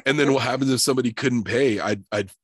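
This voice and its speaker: A young adult man in casual chat, laughing often and telling stories with lively quoted voices. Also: medium pitch, fast talker, slightly rough, no room sound, studio quality.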